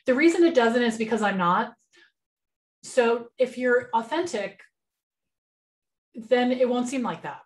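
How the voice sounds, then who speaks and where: A woman business mentor giving a relaxed, conversational webinar over a computer mic, with lots of fillers and restarts. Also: fairly high pitch, measured pace, long pauses.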